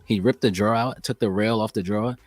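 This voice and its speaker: Low-voiced man telling profane stories. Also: fast, no room sound. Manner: profane, animated storyteller. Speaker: podcast guest. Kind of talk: casual chat.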